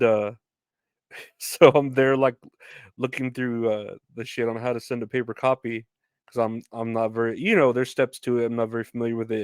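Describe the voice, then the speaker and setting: A man's voice: mid-range voice, smooth, no echo, studio quality. A young man hosting a podcast, telling stories in a rambling, casual way with swearing and laughter. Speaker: podcast host. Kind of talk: casual solo storytelling.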